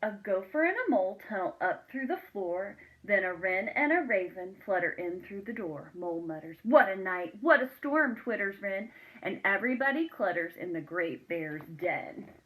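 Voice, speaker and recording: A woman reading a children's picture book aloud, expressive and asking her listeners questions. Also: mid-range voice, moderate pace, rough recording.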